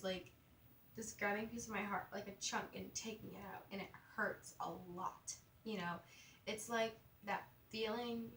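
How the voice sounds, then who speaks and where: A woman's voice: medium pitch, a bit bright, recorded from a distance, slight background noise. A young woman vlogging casually, rambling with lots of "like" and "you know", stuttering and mumbling now and then. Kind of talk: casual confessional vlog. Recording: roomy, a little off-mic, faint ambience.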